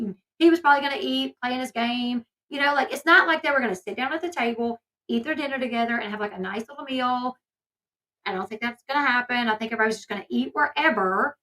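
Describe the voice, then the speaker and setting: A woman's voice: a little high, sharp tone, rough recording. A woman from the States, talking in a chatty, indignant way full of fillers as she gives gossip commentary on a vlog. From Southern United States. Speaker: commentary YouTuber.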